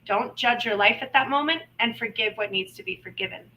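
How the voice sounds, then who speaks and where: A woman chats her way through a live reading stream in a loose, rambling manner, sprinkling in playful asides. Her voice is bright and clear and sits a little high. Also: a little fast, low-quality recording. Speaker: intuitive reader and host of a live stream. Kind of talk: casual live-stream talk. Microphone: live stream microphone.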